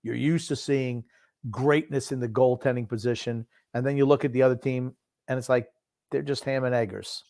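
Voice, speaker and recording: Older guy, gruff and blunt, casual podcast sports talk, middling pitch. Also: steady tone, normal speed, darkish tone, no room sound, studio quality. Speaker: podcast co-host.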